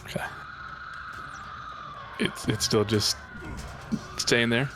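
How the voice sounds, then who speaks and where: A man with a gravelly voice plays a tabletop game, speaking hesitantly and earnestly with plenty of fillers. Music is clearly audible behind him. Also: medium pitch, steady tone, extremely slow. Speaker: player.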